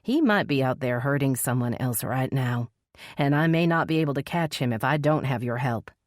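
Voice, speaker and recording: A woman's voice: moderate pace, no echo, studio quality. A woman voicing a determined female police officer in an audiobook, speaking earnestly and soothingly. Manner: earnest, steady, low and soothing.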